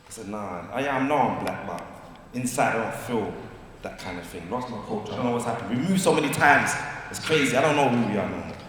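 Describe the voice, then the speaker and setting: A man speaking at a community forum, telling stories in lively slang and often asking if people follow him. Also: medium pitch, fast, a little hiss or hum. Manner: lively, storytelling, slangy, asks "you get me?". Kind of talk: animated community discussion. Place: large community hall. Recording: echoey hall, distant mic.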